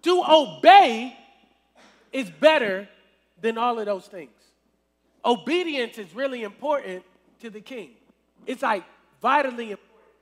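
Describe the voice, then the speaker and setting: High-voiced man preaching in an echoing hall. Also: expressive, normal speed, long pauses. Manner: conversational, checks in with the crowd often. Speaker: youth minister. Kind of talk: casual youth sermon. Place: church service hall. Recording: long reverb in a hall.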